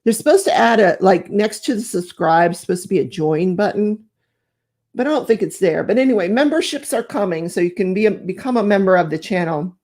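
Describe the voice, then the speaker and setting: A woman's voice: medium pitch, brisk, darkish tone. A middle-aged woman hosting a live crafting stream from home, chatting casually, rambling and laughing as she reads out viewer comments.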